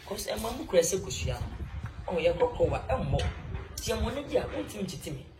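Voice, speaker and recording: A man's voice: high-pitched, very animated, brisk, over music. A man with a Ghanaian accent performing an improvised comedy skit, rambling and laughing as he talks. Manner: rambling, laughing, breaks into singing praise. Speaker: comic actor.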